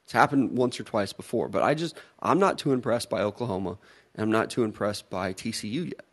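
A man's voice: on the low side, brisk. A man co-hosting a podcast, chatting casually about college football bets, teasing and laughing often. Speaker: podcast co-host. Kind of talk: casual sports betting chat.

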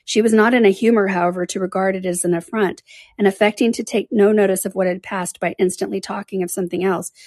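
A woman's voice: medium pitch, darkish tone, no room sound. Woman reading a classic novel aloud. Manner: measured, careful reading. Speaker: audiobook reader.

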